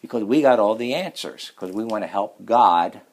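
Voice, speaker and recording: A man's voice: fairly low pitch, lively intonation, moderate pace. A man preaching a sermon in a church, telling a folksy, humorous story before rising to emphatic scripture reading.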